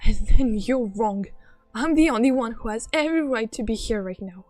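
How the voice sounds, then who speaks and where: A woman streaming her reactions to a game, flustered and excitable, reading story text aloud in between. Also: on the high side, moderate pace, no echo, soft background music.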